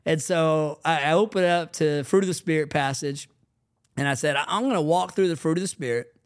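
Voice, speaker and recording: A man co-hosting a podcast, telling family stories in a lively casual chat. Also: a little high, a little fast, smooth. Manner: animated storyteller acting out quoted family lines. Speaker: podcast co-host, family ministry leader.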